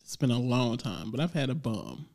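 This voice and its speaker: A man co-hosting a podcast, telling a story in relaxed casual chat and acting out the people in it. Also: medium pitch, normal speed, creaky. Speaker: podcast co-host.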